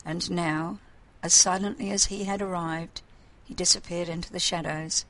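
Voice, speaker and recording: A woman reading a story aloud in a calm, measured narration. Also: fairly low pitch, rough recording.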